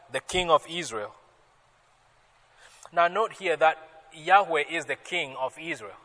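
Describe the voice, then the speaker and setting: Man, pastor, sermon, slightly high voice, slow and deliberate, emphatic on scripture, long hall reverb. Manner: emphatic, rises loudly on quoted scripture, chuckles with the congregation.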